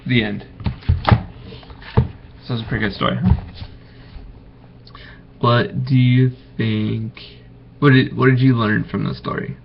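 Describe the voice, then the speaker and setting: A man reads a bedtime story to his children in an unhurried, gentle way, stopping to ask them questions. His pitch sits in the middle. The recording is dull and lo-fi, with a faint hiss. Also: creaky. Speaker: parent reading to children. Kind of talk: bedtime story read aloud.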